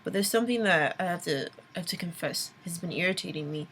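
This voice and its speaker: A woman's voice: fairly low pitch, lively intonation, fast talker, fairly bright tone, a little hiss or hum. A young adult woman vlogging a late-night rant, exasperated, with sighs and whispered asides.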